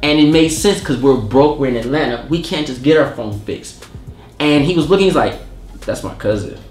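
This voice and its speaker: A man hosting a relaxed TV review, talking fast and animatedly. He slips into quick put-on voices to act out scenes. His voice sits a little high, in an echoey room with faint music under it. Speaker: show host. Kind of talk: casual review chat.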